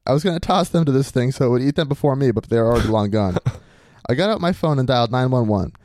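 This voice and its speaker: A man's voice: medium pitch, animated, fast, a little mellow, no room sound, studio quality. A man hosting a podcast, reading a listener's story aloud in a swaggering, crude bro persona. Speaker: podcast host.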